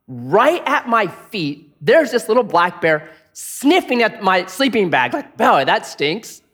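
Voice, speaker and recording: A man's voice: high-pitched, unhurried, breathy edge. A middle-aged man preaching a sermon, telling a story with acted-out voices and jokes. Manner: animated storyteller, acts out voices in anecdotes. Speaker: pastor.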